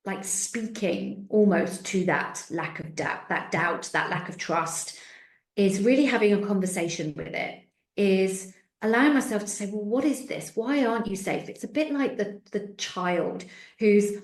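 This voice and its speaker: A woman's voice: mid-range voice, unhurried, reverberant. A woman spiritual mentor answering interview questions earnestly, sometimes acting out voices in her stories.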